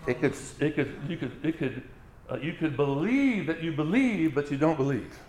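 A man's voice: a little high, big pitch swings, normal speed, darkish tone, roomy sound. A man preaching a sermon as a pastor, driving each point home with emphatic repetition.

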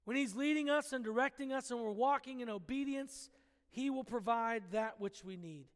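High-voiced man preaching in a hall. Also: normal speed. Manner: emphatic, conversational preaching with direct questions to listeners. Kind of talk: sermon.

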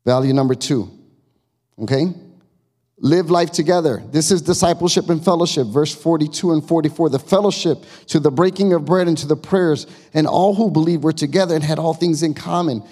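A man's voice: a little high, brisk, a little mellow, slightly rough. Male pastor preaching in a reverberant hall. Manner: conversational, emphatic, asks the congregation questions. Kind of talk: sermon. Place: church sanctuary. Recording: long reverb of a church hall.

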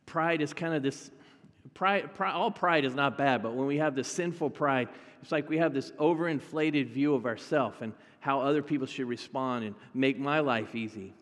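A man's voice: mid-range voice, moderate pace, fairly bright tone, in a large hall. A male pastor preaching a sermon in a conversational way, talking directly to his congregation.

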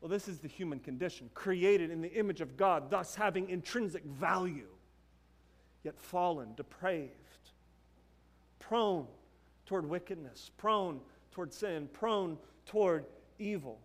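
High-voiced young pastor preaching conversationally. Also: male voice, lively intonation, a little slow. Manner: conversational preaching with asides and rhetorical questions. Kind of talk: sermon.

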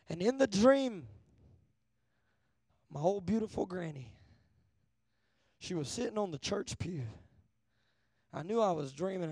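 Man, preacher, high voice, gravelly, dry sound, asks for amen, hushed then loud. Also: no echo. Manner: call-and-response, asking amen often; shifts between hushed and loud. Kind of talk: sermon.

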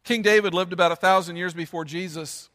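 A man's voice: high-pitched, fairly even intonation, brisk, fairly bright tone, long reverb tail. A man preaching a sermon as pastor, earnest and emphatic, with lots of repetition.

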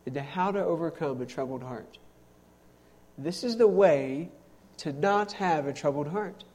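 A man's voice: a little high, a little mellow. A young man, a pastor, preaching a sermon in a conversational way with self-deprecating humor.

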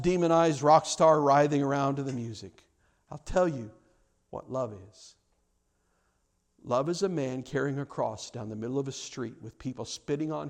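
A man delivers an impassioned sermon in a fairly high voice. He retells a story with quoted dialogue, stumbling and repeating words. He swells loud on key lines, then falls to a hush. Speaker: preacher.

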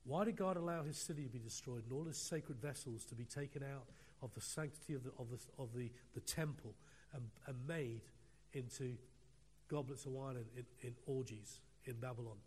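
British guy preaching hard, repeats himself, loud then soft, reverb-y church hall sound. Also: mid-range voice, brisk, slightly rough. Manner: emphatic, repeats phrases, swings from loud to quiet. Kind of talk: sermon.

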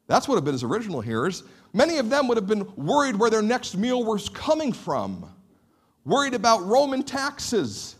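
A man preaching a sermon with animated emphasis and frequent repeated words. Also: high-pitched, normal speed. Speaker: pastor.

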